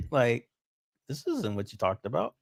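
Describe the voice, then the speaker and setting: A frustrated man rants on a livestream, swearing freely and breaking into laughter between complaints. His voice sits at a medium pitch, recorded close and dry. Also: huge pitch swings, a little slow, vocal fry, dry recording. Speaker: stream host. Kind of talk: casual livestream rant.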